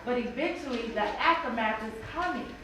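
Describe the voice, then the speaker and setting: High-voiced woman telling an emotional story. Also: normal speed. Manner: emotional, animated storytelling with acted-out quotes. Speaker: mother sharing in bible study. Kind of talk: personal testimony in a group discussion. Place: church bible study room. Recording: echoey room from far off, noisy.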